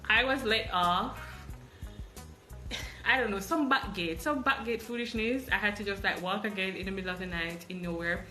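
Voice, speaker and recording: A Jamaican woman tells a travel story with lively, animated delivery, jumping into the voices of the people she met. Her voice is bright and forward. The room is echoey, with faint music underneath. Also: mid-range voice, normal speed. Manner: animated, acts out dialogue. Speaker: podcast host.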